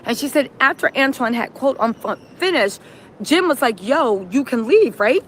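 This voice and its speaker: A woman hosting a reaction livestream, recapping events in animated storytelling, acting out quotes and often asking "right?". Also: sits high, moderate pace, slight background noise. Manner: punctuates with "right?". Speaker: streamer host.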